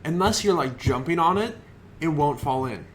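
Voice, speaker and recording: A young adult man co-hosting a podcast, chatting casually in a laid-back, halting way. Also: a little high, lively intonation, a little hiss or hum. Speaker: podcast co-host. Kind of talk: casual chat.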